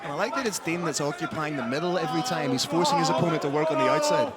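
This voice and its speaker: A man's voice: fairly high pitch, sing-song, rapid-fire, very noisy. A man giving live fight commentary, breaking down technique and tactics as the action unfolds. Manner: analytical, explains technique and tactics. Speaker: MMA commentator. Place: open-air arena event. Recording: loud arena crowd behind.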